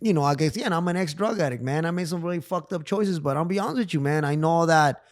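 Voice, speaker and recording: A man's voice: a little high, fast talker, no echo, clean studio sound. A middle-aged man, a therapist talking as a podcast guest, speaking emphatically in street slang with frequent swearing and restarts. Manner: repeats himself, many restarts. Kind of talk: casual podcast conversation.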